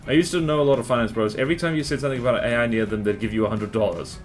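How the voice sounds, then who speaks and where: A man's voice: medium pitch, very fast, faint music behind. A man streaming a strategy game live, chatting with his viewers and reacting to the battles on screen as he rambles through his opinions.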